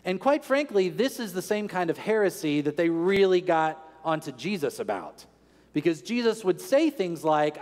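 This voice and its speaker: A man's voice: high-pitched, very animated, moderate pace, a little mellow. A man preaching a sermon in an earnest teaching tone, asking rhetorical questions. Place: large church sanctuary. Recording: long church reverb.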